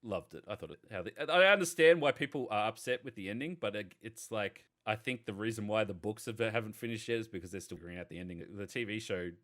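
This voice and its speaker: Profane man, low voice. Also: fast talker, hardly any pauses, fairly bright tone. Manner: profane, rambling enthusiastic storyteller. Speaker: podcast panelist. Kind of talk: casual chat.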